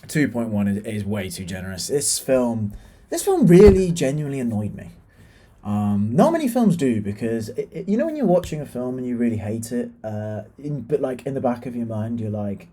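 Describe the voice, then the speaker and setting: A man's voice: mid-range voice, big pitch swings, normal speed, dark tone. Ranting British man reviewing films. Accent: British English. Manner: exasperated, ranting, frequent fillers and restarts. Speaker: film reviewer. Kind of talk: casual opinionated film review.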